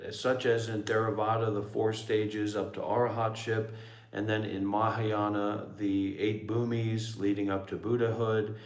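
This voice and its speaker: Blunt low-voiced man, echoey room. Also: level tone, unhurried. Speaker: meditation teacher, former monk. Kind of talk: livestream Q&A talk.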